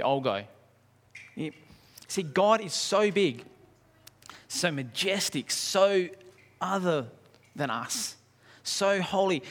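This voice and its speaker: A man preaching a sermon, animated, acting out scenes and asking the congregation questions. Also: on the high side. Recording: reverberant hall.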